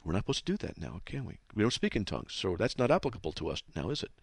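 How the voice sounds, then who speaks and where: A man's voice: on the low side, sing-song, racing, creaky, husky, dry recording, clean studio sound. Man teaching Bible with rhetorical questions. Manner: reads scripture aloud, then asks pointed rhetorical questions. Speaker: radio host.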